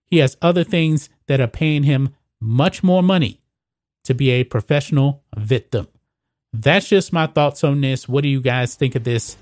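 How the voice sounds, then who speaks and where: A man's voice: mid-range voice, moderate pace, a little mellow, dry recording, clean studio sound. A man hosting an opinionated sports commentary show, talking emphatically and ranting.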